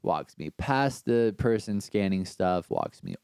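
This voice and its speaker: A man in casual conversation recounts a story with lively, slang-heavy energy and plenty of swearing. His voice sits a little low and sounds smooth and resonant. The recording is dry and close, with no room sound. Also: a little slow, dry recording. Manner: animated, slangy, swears freely. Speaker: podcast guest.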